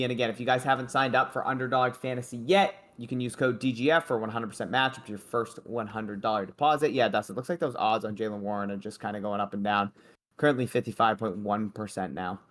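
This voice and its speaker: A man's voice: mid-range voice, fairly bright tone. A young man hosting a sports betting livestream, chatting loosely and joking with his co-host and the chat.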